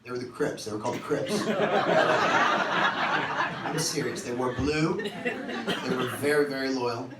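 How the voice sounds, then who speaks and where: A man's voice: medium pitch, unhurried, pauses often, heavy background noise. A man telling funny stories on stage between songs at a concert, acting out voices as he goes. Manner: animated, joking, acts out voices. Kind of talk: live storytelling between songs. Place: concert venue. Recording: echoey live room from a distance.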